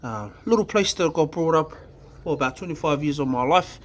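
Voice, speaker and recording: A man from New Zealand with a New Zealand accent, giving a candid personal testimony in a halting way, full of fillers, restarts and casual swearing. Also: fairly high pitch, animated. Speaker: vlogger sharing his recovery story.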